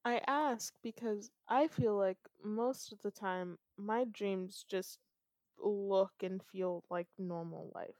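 A woman's voice: mid-range voice, takes it slowly, darkish tone, no room sound. Curious young woman in casual chat. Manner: curious, asks questions, laughs along.

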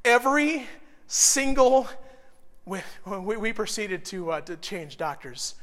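With lively intonation and a slow pace, a middle-aged pastor preaches a sermon about a personal experience, his high voice carrying big-room sound. His emotion swells until it hits loud, intense peaks.

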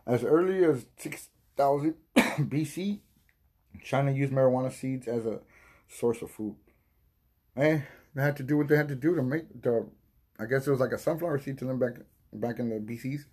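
A man with a husky, breathy voice talks in a loose, rambling podcast monologue. He swears freely, loses his train of thought, and coughs while high from smoking. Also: moderate pace, a little mellow. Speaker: podcast host. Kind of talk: casual stoned monologue.

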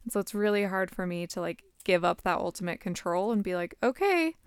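Candid young woman, smooth clear voice. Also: on the low side, little pitch movement, no room sound, studio quality. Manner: candid, halting, searches for words. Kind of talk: casual chat.

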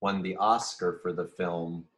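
Deep-voiced guy from nebraska, laid back podcast co-host, tells stories. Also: steady tone, unhurried, crowd noise. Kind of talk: casual chat.

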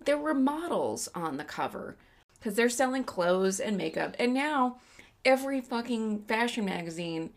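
A woman's voice: a little high, very animated, normal speed. Opinionated woman ranting about movies. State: frog in her throat. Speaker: podcast co-host. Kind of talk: casual movie review chat.

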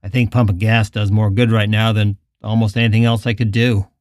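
A man's voice: lowish voice, flat delivery, brisk, a little mellow, dry recording, clean studio sound, lightly acted. A man doing a blunt, weary gas attendant. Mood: grim. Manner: blunt, matter-of-fact.

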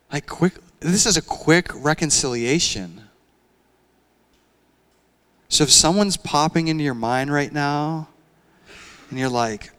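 A young man preaching a sermon in a conversational, animated way, often using casual fillers. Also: medium pitch. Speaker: pastor.

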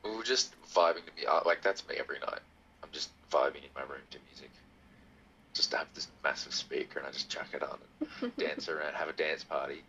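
A man chatting as a podcast guest over a video call, animated and theatrical, laughing often. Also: very deep voice, a little fast, gravelly, dull audio, a little hiss or hum. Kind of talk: casual chat.

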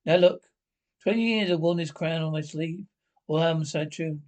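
An actor playing a blustering veteran army sergeant major in a 1970s comedy film, talking with indignant parade-ground bluster. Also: male voice, a little high, moderate pace, darkish tone, natural voice. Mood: pleading.

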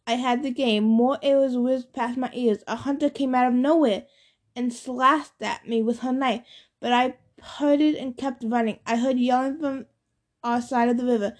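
A woman reads a novel aloud in a somewhat high voice, narrating in first person. She raises her voice and pitch for the shouted dialogue. The reading is steady storytelling. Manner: acts out dialogue with louder, higher shouts. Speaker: audiobook reader.

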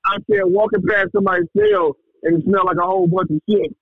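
A man's voice: high-pitched, fairly even intonation, quick pace, dry recording. A man rambling profanely in casual podcast chat, often asking "you know what I'm saying," recorded on a dull, lo-fi mic.

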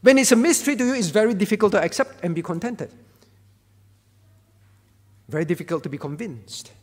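Male pastor, high-pitched, emphatic sermon delivery, recorded in a reverberant church hall. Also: expressive, fairly quick, darkish tone. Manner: emphatic, repeats key words, rhetorical questions.

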